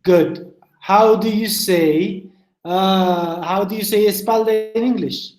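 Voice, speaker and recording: A woman teaching English to a group online, drilling sentences slowly and coaxing students by name. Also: medium pitch, a little mellow, reverberant, rough recording.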